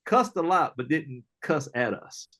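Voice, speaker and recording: A middle-aged man, an entrepreneur guest, telling casual stories in an animated, slangy way, often acting out other people's lines. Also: fairly high pitch, a little slow. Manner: animated storyteller, slangy, acts out quoted voices, laughs often. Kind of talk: casual storytelling interview.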